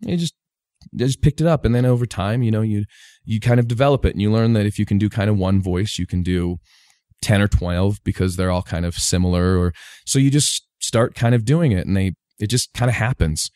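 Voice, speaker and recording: Low-voiced comedian explaining his voice tricks. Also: brisk, a little mellow, no echo, studio quality. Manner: explains voice tricks by demonstrating them. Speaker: stand-up comedian guest. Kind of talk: casual chat.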